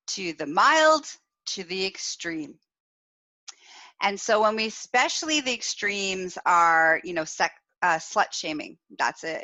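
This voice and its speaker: A woman host speaks slowly and frankly, in a casual teaching style, and laughs between her points. Her voice is bright and sits a little low. The sound is dull and lo-fi, with a dry room. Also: no room sound. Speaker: podcast host and sexual wellness coach. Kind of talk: casual spoken teaching, live.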